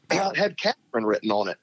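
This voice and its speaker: A man's voice: medium pitch, brisk, husky. A middle-aged man, a former pro angler, telling stories as an interview guest and laughing as he goes. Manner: animated, laughs through his stories. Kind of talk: conversational storytelling in an interview. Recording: dull lo-fi sound.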